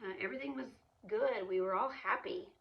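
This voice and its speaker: A woman's voice: medium pitch, brisk, gravelly, highs cut off. A woman in her thirties casually telling a personal story, chatty, with frequent fillers, restarts and laughs. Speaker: vlogger, single mom.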